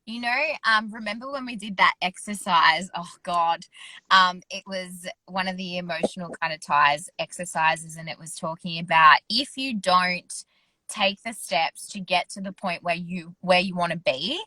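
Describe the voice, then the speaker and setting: Bright, frank woman. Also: lowish voice, normal speed, no echo, low-quality recording. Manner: frank and earnest, swears casually. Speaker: wellness coach and co-host. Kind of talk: casual podcast chat.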